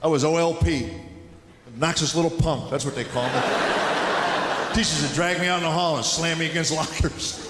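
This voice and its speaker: A middle-aged man from Tennessee working a live stage with a dry, deadpan storytelling manner, slipping into quick acted-out quotes. His voice sits fairly high for a man. It rings through a large echoey hall with a long tail, and the audience is clearly heard behind him. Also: very noisy. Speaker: stand-up comedian. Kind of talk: stand-up routine.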